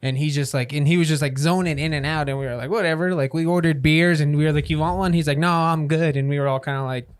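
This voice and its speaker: A man's voice: on the high side, fairly even intonation, quick pace, few pauses, clear, resonant tone. A man co-hosting a podcast in a studio, retelling events casually with lots of "like" and swearing. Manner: profane, filler-heavy, chiming in. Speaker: podcast co-host. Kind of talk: casual storytelling.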